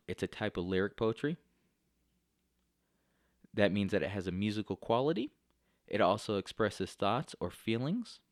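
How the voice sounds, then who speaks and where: A male teacher giving a recorded lecture, explaining step by step and often pausing with fillers. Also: deep voice, dry recording, clean studio sound.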